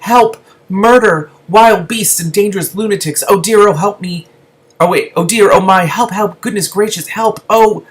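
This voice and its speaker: A man's voice: medium pitch, very animated, fairly quick, a bit bright, pitched above the performer's own voice. A man voicing a small, fussy male lizard who talks down to everyone in a prim, scolding way. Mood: panicked shrieking. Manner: prissy, scolding, easily flustered.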